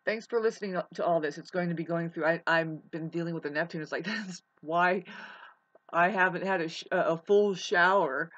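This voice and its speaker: A woman with a lowish, slightly bright voice speaks at normal speed in a rambling, casual astrology monologue for her vlog. She stresses her points, swears occasionally, and calls the listener babe; the audio is dull and lo-fi.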